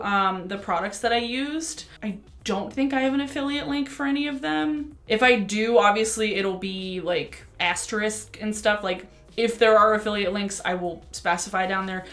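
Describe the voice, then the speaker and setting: Rambling, chatty young woman vlogger. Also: medium pitch. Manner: rambling, chatty, with sudden excited outbursts. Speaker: beauty vlogger. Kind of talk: casual get-ready-with-me chat. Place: her room at home. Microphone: camera mic.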